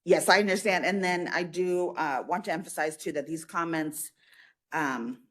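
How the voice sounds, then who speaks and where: A woman from a state agency presenting at a public commission meeting, answering questions in a measured way with frequent fillers. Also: fairly low pitch.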